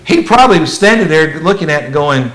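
A man preaching a sermon as a pastor, in a folksy, conversational way that swings between loud emphasis and hushed asides. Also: fairly high pitch, expressive, brisk, rough recording.

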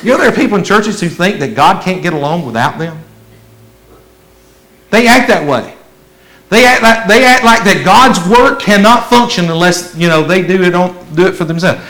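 A man preaching a sermon as a pastor, in a folksy, conversational way that swings between loud emphasis and hushed asides. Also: high-pitched, animated, moderate pace, poor audio.

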